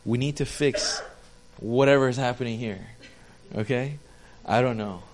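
A man's voice: medium pitch, measured pace, a crowd in the background. A young male pastor giving a casual, chatty sermon, joking with his congregation and poking fun at himself. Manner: chatty, self-deprecating, talks with the audience.

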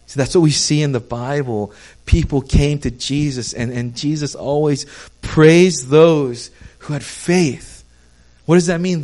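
A man preaching a sermon as pastor, earnest, stumbling over repeated words and swinging between hushed and fervent passages. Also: medium pitch.

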